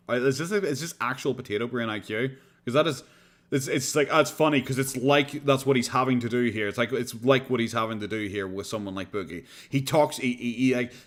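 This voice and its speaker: A man with an Irish accent commenting casually on a reaction stream, sarcastic and animated, swearing freely. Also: mid-range voice.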